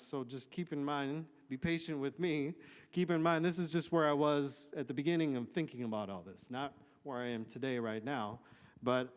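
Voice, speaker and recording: A male pastor with a fairly high voice gives a loose, conversational sermon, slipping joking asides between scripture readings. His voice rings with a long reverb through a church hall. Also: smooth.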